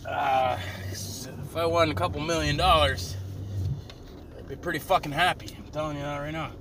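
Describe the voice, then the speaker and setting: Driving down the road, a young vlogger talks to a camera inside his car in a slightly high voice, with fairly even intonation at normal speed. He rambles casually in a sardonic, profane, wandering monologue, while road and engine noise is audible.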